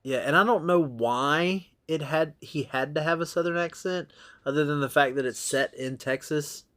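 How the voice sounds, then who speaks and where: A man's voice: a little high, moderate pace, a bit bright. A man hosting a casual movie podcast, chatting and sharing comic book trivia. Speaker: podcast host.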